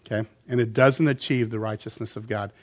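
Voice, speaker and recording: Middle-aged male pastor mid-sermon, lively delivery with sudden loud and soft swings. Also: on the low side, brisk. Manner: animated, swinging between loud emphasis and quiet asides.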